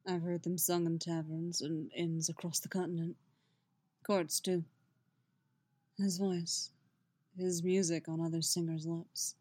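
A woman voicing a weary, guarded grown man who speaks low, quiet and measured while he grieves. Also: little pitch movement, no room sound. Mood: quiet, grieving.

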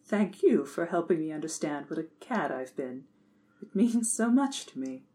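A woman reading a story aloud, voicing a stiff, formal man who speaks in an earnest, deadpan way. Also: on the low side, measured pace. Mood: remorseful.

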